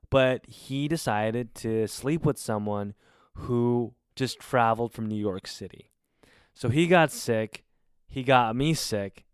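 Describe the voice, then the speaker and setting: A man in his twenties telling a story casually, in an animated and exasperated way with plenty of swearing. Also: medium pitch, clear, resonant tone, no room sound, clean studio sound. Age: 20s. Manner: animated, profane, exasperated retelling. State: recovering from covid.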